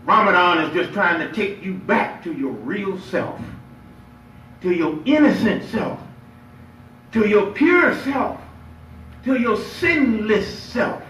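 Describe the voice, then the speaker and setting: High-voiced preaching man in an echoey hall. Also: slow pace, pauses often, slight background noise. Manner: lively call-and-response preaching, playful and emphatic. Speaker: imam. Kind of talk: Friday sermon. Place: mosque prayer hall. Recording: echoey hall, picked up from far off.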